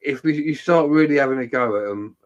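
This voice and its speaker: A man in relaxed conversation. He circles his point with repeated false starts and tag questions. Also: medium pitch, a little fast, lo-fi sound, a crowd in the background. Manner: rambling, hesitant, with repeated restarts. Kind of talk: casual chat.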